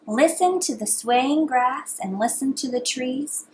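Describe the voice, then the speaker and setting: A woman voicing a kindly, wise little male cricket in a storybook read-aloud, gentle and coaxing. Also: high voice, a little slow, a little hiss or hum.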